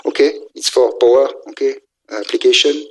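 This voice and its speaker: A man giving a technical engineering lecture, speaking haltingly with many filler sounds and restarts. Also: medium pitch, steady tone, husky, low-quality recording. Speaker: university lecturer in electrical engineering.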